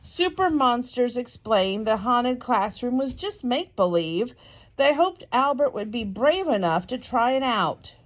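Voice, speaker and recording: A woman reads a children's picture book aloud at a very unhurried pace, pausing for casual asides. Her voice sits a bit high and her reading is careful and even. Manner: slow, careful, with chatty asides. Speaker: reader.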